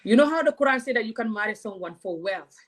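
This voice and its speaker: A woman's voice: on the high side, animated, fast. Woman w/ ranting to camera, heated, keeps throwing questions at her viewers. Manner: passionate, confrontational, many rhetorical questions. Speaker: vlogger. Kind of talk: direct-to-camera rant.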